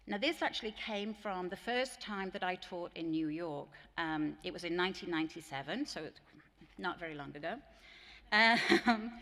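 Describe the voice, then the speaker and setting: A woman's voice: on the low side, fairly bright tone. A woman with an English accent giving a conference plenary to teachers, telling earnest stories and mimicking voices in quoted dialogue. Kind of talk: conference keynote talk with anecdotes. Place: large conference hall. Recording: long hall reverb.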